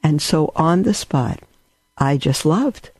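A man's voice: fairly high pitch, lively intonation, slow, gravelly, husky, dry recording. A man giving a rambling spiritual talk, telling stories with asides. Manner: storytelling, warm and rambling with asides. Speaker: religious teacher.

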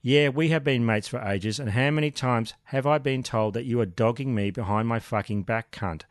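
A man's voice: medium pitch, normal speed, no echo, clean studio sound, close to an everyday voice. A man voicing a profane, threatening young male thug in a true crime podcast retelling. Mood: menacing.

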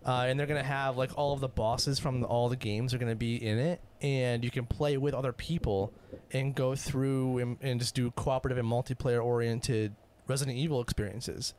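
A man's voice: mid-range voice, fairly even intonation, moderate pace, a little mellow, slight background noise. A man in casual podcast chat, upbeat and explanatory, with frequent "um" and "uh" fillers. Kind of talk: casual chat reviewing a video game.

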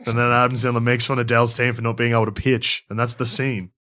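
A man's voice: medium pitch, little pitch movement, quick pace, sharp tone. A man co-hosting a comedy podcast in an ordinary mid-range voice. He tells things in long, rambling runs and swears offhandedly. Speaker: podcast co-host.

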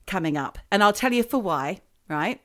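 A chatty woman co-hosting a casual podcast, teasing and leading the chat with easy warmth in her words. Her voice sits at a middle pitch and moves along at an everyday pace. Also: animated, normal speed. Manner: chatty, teasing, steers the show. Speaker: podcast co-host.

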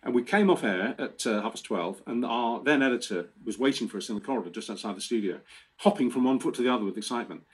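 Brief: sixties male guest, husky, quick talker, lively storyteller. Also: mid-range voice. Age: 60s. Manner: chatty, animated storyteller with restarts. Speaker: guest presenter. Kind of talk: casual storytelling.

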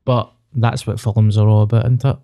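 Young scottish guy on a podcast, swears a lot, open and lively, dark mellow voice. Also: fairly low pitch, normal speed, vocal fry, smooth, no echo, clean studio sound. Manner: sweary, candid, animated. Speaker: podcast co-host. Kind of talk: casual chat.

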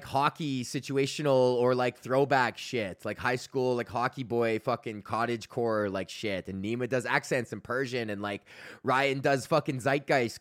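A man in his thirties rants on his own podcast, rambling and swearing and loaded with fillers. His voice sits at an ordinary pitch, and the sound is dry and close with no room around it. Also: a bit bright, no room sound. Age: 30s. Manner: rambling and profane, with many fillers. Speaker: podcast host. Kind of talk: casual solo rant.

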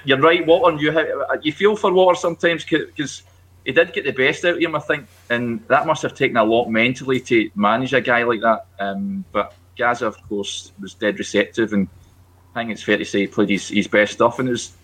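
A man's voice: mid-range voice, fairly even intonation, fairly quick, a bit bright. A Scottish man on a podcast panel, telling a story with a hesitant manner and many ums. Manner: hesitant, lots of ums and uhs. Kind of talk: casual chat.

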